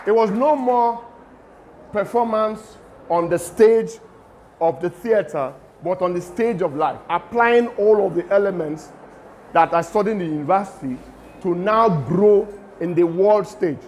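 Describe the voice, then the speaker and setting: A middle-aged man with a Nigerian accent lectures students in a lively way and drops pidgin asides into his talk. His voice sits high for a man. A faint hum of room noise stays behind him. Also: a little slow. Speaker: guest lecturer.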